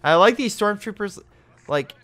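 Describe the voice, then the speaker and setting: A man casually commentating a strategy game, animated, swearing and talking to the players. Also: sits high, moderate pace, faint music behind.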